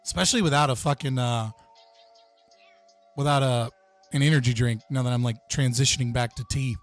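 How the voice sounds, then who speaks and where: A man's voice: medium pitch, steady tone, brisk, faint music behind. A young man hosting a livestream, chatting casually and profanely with his viewers. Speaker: livestream host.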